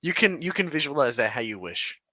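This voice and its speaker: A man's voice: medium pitch, big pitch swings, a little fast, sharp tone, no echo. A man co-hosting a podcast, trading crude jokes in casual banter and laughing often. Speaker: podcast co-host.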